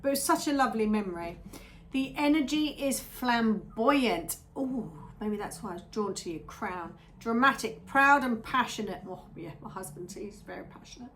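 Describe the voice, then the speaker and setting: A woman's voice: on the high side, expressive, normal speed, fairly bright tone, slight background noise. A woman giving a casual tarot reading to her viewers, chatty and rambling, often drifting into little asides. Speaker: tarot reader.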